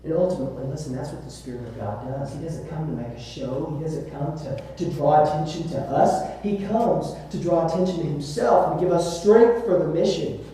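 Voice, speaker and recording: Heard from afar in a very echoey church sanctuary, a Southern-accented man preaches as pastor, fairly quick with few pauses, his voice dark in tone yet on the high side. He is emphatic, repeats words, and keeps asking listeners "right?"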